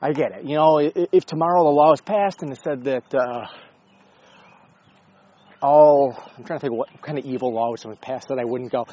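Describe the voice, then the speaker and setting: A man's voice: mid-range voice, fairly quick, mellow, muffled recording. A man talking casually in a rambling, sarcastic way, with frequent swearing and self-interruptions. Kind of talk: casual opinion monologue.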